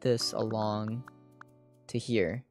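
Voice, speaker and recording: A woman streamer casually narrating her own moves in a video game, chatty and self-deprecating, now and then breaking into loud squealing yells. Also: rumbling low, fairly even intonation, extremely slow, faint music behind. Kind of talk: casual livestream gameplay commentary.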